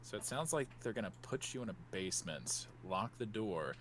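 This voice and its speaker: A man's voice: lowish voice, expressive, normal speed, a bit bright, a little hiss or hum. A man playing a tabletop role-playing game, joking and sarcastic in character. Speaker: player.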